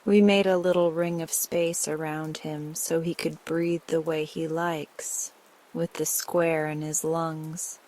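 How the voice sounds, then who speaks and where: A woman narrating a bedtime sleep story in a soft, slow, soothing way. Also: deep voice, flat delivery, poor audio.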